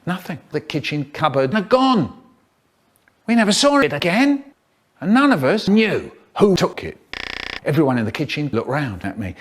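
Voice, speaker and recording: A man telling a rambling, absurd comic story in a deadpan voice that breaks into sudden silly outbursts. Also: fairly high pitch, moderate pace. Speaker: comedic storyteller.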